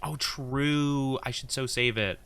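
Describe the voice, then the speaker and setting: A man's voice: medium pitch, steady tone, slow pace, fairly bright tone, clear, resonant tone. A young man streaming a game, chatting casually in a rambling, giggly way with many fillers. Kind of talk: casual chat while gaming.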